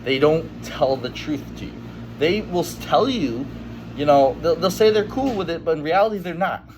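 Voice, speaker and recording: A man's voice: on the high side, lively intonation, normal speed, noisy background. A man in a casual monologue to camera, blunt and emphatic, with lots of "you know". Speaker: vlogger.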